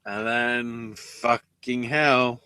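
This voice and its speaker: Man, podcast co-host, sarcastic and sweary, casual recap chat, bright tense tone, dry sound. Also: medium pitch, steady tone, extremely slow, clear, resonant tone, dry recording. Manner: sarcastic, swears freely, breaks into goofy voices.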